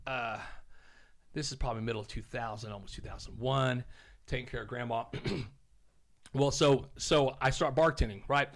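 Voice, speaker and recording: A man in his fifties from Oklahoma, a podcast guest telling rambling stories in a casual, animated way and swearing now and then. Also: mid-range voice, normal speed. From Oklahoma, USA. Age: 50s. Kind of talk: casual storytelling.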